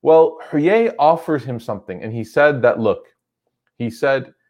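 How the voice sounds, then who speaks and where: A man's voice: medium pitch, lively intonation, unhurried, darkish tone. A man giving a religious lecture, retelling a story in a loose, conversational way full of "like" and "you know".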